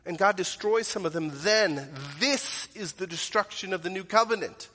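A man's voice: high-pitched, moderate pace, hardly any pauses, bright, forceful tone. Earnest male preacher in an echoing hall. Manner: earnest, direct questions to the congregation. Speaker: pastor. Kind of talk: sermon. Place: church sanctuary. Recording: long reverb of a large hall.

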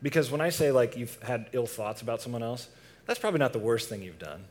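A man's voice: mid-range voice, expressive, quick pace. A young man preaching a casual sermon to a youth group, asking the audience questions and reading scripture.

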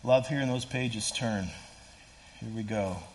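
A man preaching a sermon in a relaxed, conversational way, full of "like" and "kinda", and acting out the scripture quotes with feeling. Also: fairly low pitch, unhurried, a little hiss or hum. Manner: casual, animated preaching with fillers like "kinda" and "like"; voices scripture quotes with rising intensity. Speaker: pastor.

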